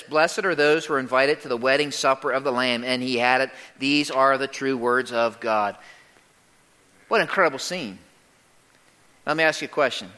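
Man, pastor, lively sermon, bright tense voice, higher pitch, long hall reverb. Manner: animated, interacts with congregation, shouts scripture exclamations.

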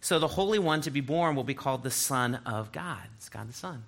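A man's voice: medium pitch, expressive, a little fast, gravelly. A man preaching a sermon, reading scripture aloud and breaking in with explanatory asides. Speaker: pastor.

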